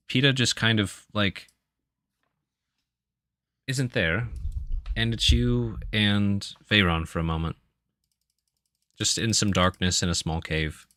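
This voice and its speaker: A man's voice: deep voice, bright, forceful tone, clear, resonant tone, dry recording. A man narrating as game master in a casual, loose way. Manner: casual, loose, many fillers.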